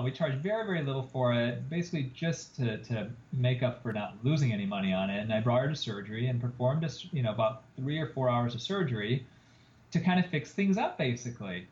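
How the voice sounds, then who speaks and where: A man who is a plastic surgeon, telling an animated story as a guest on a podcast interview. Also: medium pitch, brisk. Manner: animated storyteller, acts out quoted lines. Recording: roomy, slightly dull podcast audio.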